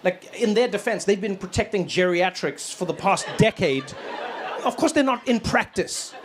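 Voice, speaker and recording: A man performs a stand-up set, telling his story with lively energy and breaking into acted-out voices. His voice sits fairly high. It was caught live in a venue, with clear crowd noise behind him. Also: normal speed. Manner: animated storytelling, acts out voices with loud high bursts. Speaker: stand-up comedian.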